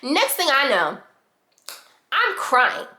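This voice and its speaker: A young woman vlogger telling a dramatic personal story in a casual, animated way, acting out what people said. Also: sits high, slow. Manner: animated, dramatic reenactments of quotes. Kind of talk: storytime vlog.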